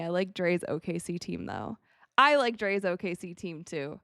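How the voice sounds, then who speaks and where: A woman's voice: on the low side, moderate pace, no room sound, studio quality. Chatty woman reacting live to a game. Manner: chatty, animated, reacting to plays. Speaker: livestream host. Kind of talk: casual live commentary.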